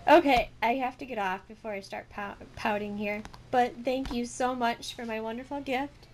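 A woman vlogging an excited unboxing, gushing with repeated delighted exclamations. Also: on the high side, a little slow, slight background noise. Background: crinkling packaging.

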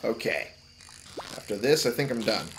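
A man giving casual gameplay commentary, muttering to himself and cursing loudly at the game. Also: on the low side, big pitch swings, normal speed, heavy background noise. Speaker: let's play gamer.

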